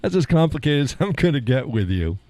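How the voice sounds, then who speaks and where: Heard on a dry recording, this middle-aged man has a higher-leaning, mellow voice with big swings in pitch, and he talks a little fast. Hosting a live stream, he chats easily with viewers, laughing often at their comments and joking about himself. He still has a lingering cough and clears his throat.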